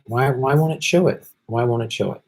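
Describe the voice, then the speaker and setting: A man hosting a casual live stream, chatting with viewers, clearing his throat often and swearing in frustrated outbursts at the tech. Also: medium pitch, brisk. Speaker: political comedian and live stream host.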